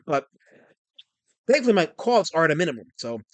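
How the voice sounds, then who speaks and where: A man with a high voice chats casually on his livestream, rambling and reading comments from his viewers aloud. The sound is close and dry, with no room around it. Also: sing-song, brisk, no echo. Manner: rambling, reads chat aloud and mock-rants in a raised voice. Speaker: livestream host. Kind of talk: casual live-stream chat.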